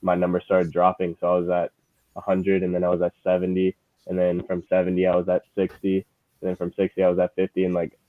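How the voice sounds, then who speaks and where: A young man talks in a relaxed, halting way, full of fillers. His voice sits very low and stays flat. The sound is dry and tinny, like a phone line. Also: no room sound. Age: 20s. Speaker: lead manager guest. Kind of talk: casual chat. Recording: tinny phone-like call audio.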